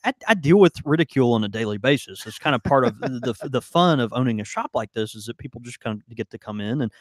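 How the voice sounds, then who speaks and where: A man's voice: medium pitch, lively intonation, fast talker, no room sound. A man co-hosting a live podcast, rambling and laid-back with many fillers, on a studio mic. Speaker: podcast co-host and shop owner. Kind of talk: casual live podcast banter.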